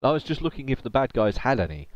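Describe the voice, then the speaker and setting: Lively-voiced man running a tabletop game. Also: mid-range voice, fast, no echo, muffled recording. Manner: relaxed, chatty, laughs often. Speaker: game master.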